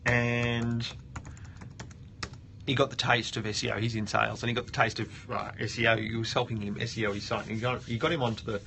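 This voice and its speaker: A man talks through a tutorial as he works on screen. His voice is gravelly and forceful, and he thinks out loud, often breaking off and starting a sentence again. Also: mid-range voice, flat delivery, brisk, a little hiss or hum. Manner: thinks aloud, with frequent restarts. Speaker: host of a web audit show. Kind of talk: casual screen-share tutorial.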